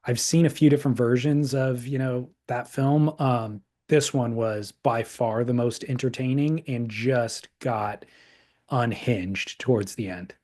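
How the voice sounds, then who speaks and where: A man's voice: mid-range voice, a little slow, a little mellow. A man co-hosting a podcast in casual chat, easygoing and wry, stretching his thoughts into long asides. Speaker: podcast co-host.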